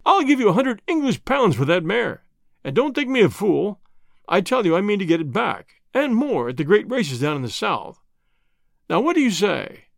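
Braggart, storybook: man reading as a loud swaggering show-off, high and lively. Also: normal speed, creaky, no room sound, clean studio sound, full character voice. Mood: mocking. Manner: swaggering and mocking, laughing at others. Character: boastful rich man, loud, mocking bragger.

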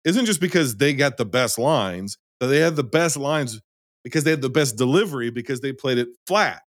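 A man co-hosting a casual film discussion podcast, emphatic and animated, swearing now and then. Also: mid-range voice, normal speed, no room sound, clean studio sound.

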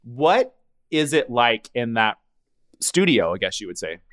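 A man co-hosting a podcast who tells gossip as a story in casual chat. He acts out the lines he quotes as he goes. His voice sits at an ordinary middle pitch. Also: big pitch swings, unhurried, fairly bright tone. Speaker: podcast co-host.

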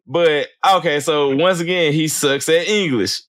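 A fairly high-voiced man spins crude, animated stories in casual talk, jumping into other people's voices as he goes. The sound is dry and close. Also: unhurried, no echo. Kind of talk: casual chat.

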